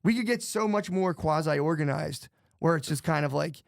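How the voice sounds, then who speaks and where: A man's voice: on the high side, moderate pace, gravelly, dry recording, clean studio sound. A man in casual podcast chat, rambling and swearing, saying "dude" all the time. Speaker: podcast guest.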